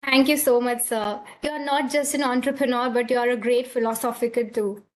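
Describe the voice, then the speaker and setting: A woman with a high voice hosts an online interview. She is formal and deferential, pausing on fillers as she frames each question. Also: steady tone. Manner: deferential, hesitant, many fillers. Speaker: interviewer and host.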